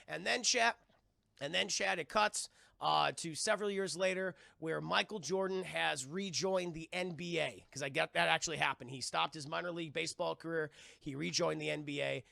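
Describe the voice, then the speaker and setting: A man's voice: a little high, normal speed, vocal fry, sharp tone, dry recording, clean studio sound. A young man casually reviewing a film on a live stream, profane and rambling as he keeps addressing his chat.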